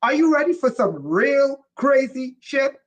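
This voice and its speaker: A woman giving a live-streamed spiritual lecture, speaking emphatically, repeating key lines slowly for effect, and asking her viewers questions as she goes. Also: high-pitched, sing-song, poor audio. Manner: asks listeners questions. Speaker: spiritual teacher.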